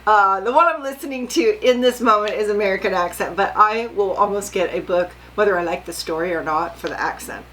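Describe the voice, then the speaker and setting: A woman's voice: mid-range voice, fairly quick, hardly any pauses, fairly bright tone, a little hiss or hum, low-quality recording. Older woman chatting about her sewing. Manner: chatty, rambling, asks viewers questions. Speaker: sewing vlogger. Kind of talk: casual chatty vlog.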